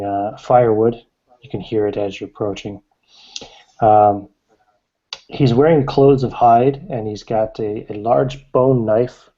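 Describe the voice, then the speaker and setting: A man narrating as game master of a tabletop game, describing scenes with halting fillers. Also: lowish voice, warm tone. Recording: dull lo-fi recording.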